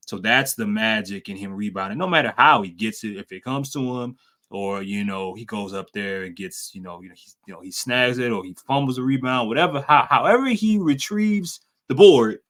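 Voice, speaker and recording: A man co-hosting a podcast, breaking down basketball in casual chat and teasing his co-host. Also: brisk. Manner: animated, teasing, breaks into high excited exclamations.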